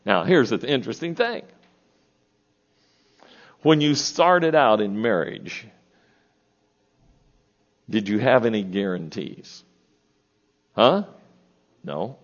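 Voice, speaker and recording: A man's voice: medium pitch, lo-fi sound. A man in his sixties preaching a sermon in a church, folksy, often asking the congregation questions. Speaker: pastor.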